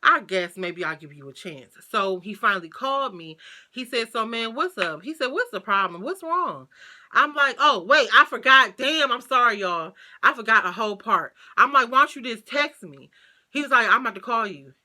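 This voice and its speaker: A woman, telling a casual storytime. She is chatty and animated, uses lots of slang and fillers, and keeps talking to her viewers. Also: fairly high pitch, normal speed. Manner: slangy, swears freely. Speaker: vlogger.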